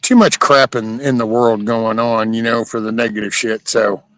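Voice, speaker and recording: A man's voice: mid-range voice, steady tone, moderate pace, fairly bright tone, dry recording. A man from Southeast Texas, chatting casually and joking with viewers while reading their comments on a livestream. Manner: laid-back, folksy and profane, joking with chat. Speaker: livestream host.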